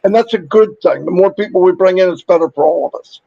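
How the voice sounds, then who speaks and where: A man hosting a casual livestream, upbeat and chatty, rattling off viewer shout-outs while losing his voice. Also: high-pitched, fast talker, gravelly, lo-fi sound. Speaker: livestream host.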